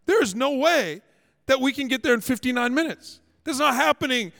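A man's voice: high voice, fairly even intonation, very fast, creaky, a bit bright, studio quality, full character voice. A man voicing an irritated male rideshare driver who scolds and complains. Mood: exasperated. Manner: exasperated, scolding. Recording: echoey hall.

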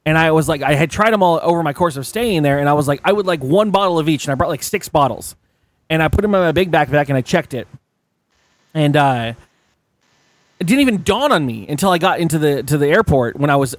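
A man's voice: a little high, no room sound. A man in his thirties hosting a casual podcast, telling anecdotes with lots of swearing and acting out the voices of the people in them. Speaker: podcast host. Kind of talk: casual chat, storytelling.

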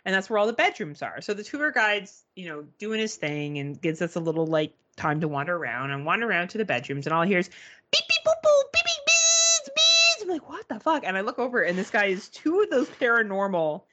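Woman, podcast co-host, lively pitch, profane, animated storyteller. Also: quick pace, hardly any pauses, a little hiss or hum. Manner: profane, animated storyteller, imitates beeping gadgets. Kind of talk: casual chat, storytelling.

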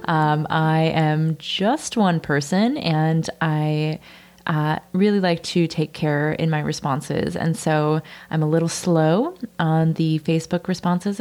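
A woman hosting a podcast, speaking gently and softly and slipping into a breathy whisper at times as she slowly reads a letter aloud. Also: low-pitched. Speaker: podcast host. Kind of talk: podcast monologue and slow reading of a letter.

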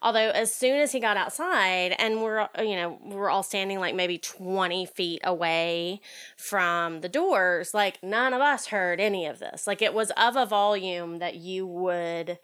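A woman's voice: medium pitch, a little slow, fairly bright tone, clear, resonant tone. A woman casually telling a theater ghost story, chatty and full of fillers. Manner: chatty, lots of fillers and likes. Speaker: storyteller guest.

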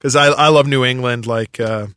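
A man chatting casually as a guest, telling a rambling, animated story full of fillers. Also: medium pitch, moderate pace, smooth, no echo, clean studio sound. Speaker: podcast guest. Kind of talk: casual chat.

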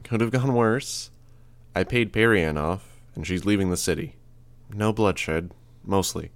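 A man's voice: low-pitched, a little slow, no room sound. A man voicing a guarded teenage girl who talks in a dry, understated way. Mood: curt.

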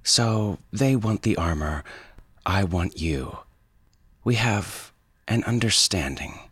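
A man playing a calm, wry inventor who lives in power armor, for an audio story. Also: low voice, slow pace, slightly rough, dry recording, voice pushed up, exaggerated voice. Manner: calm and even, quietly wry.

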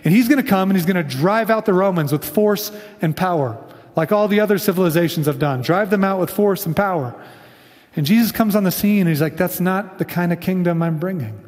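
A man's voice: high voice, brisk, darkish tone, long reverb tail. A man preaching a sermon in a casual storytelling way, often slipping into quoted lines. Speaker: pastor.

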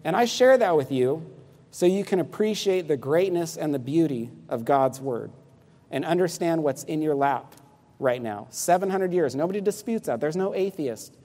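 A man's voice: fairly high pitch, animated, normal speed, dark tone, long reverb tail. A man preaching a sermon to a congregation, emphatic and questioning, asking listeners to answer back. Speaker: pastor.

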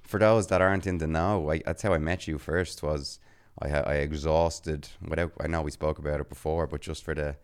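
A man with a very deep voice co-hosts a relaxed podcast. He tells his stories in a chatty way and laughs often as he talks. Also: brisk, few pauses, clear, resonant tone. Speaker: podcast co-host. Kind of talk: casual podcast chat.

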